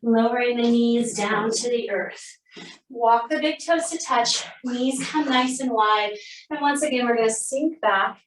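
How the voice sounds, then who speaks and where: A woman teaching a guided yoga class, cueing poses calmly and steadily, a little out of breath at times. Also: on the high side, measured pace. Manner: calm, steady cueing, breathing between phrases. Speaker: yoga instructor. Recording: roomy sound, mic at a distance.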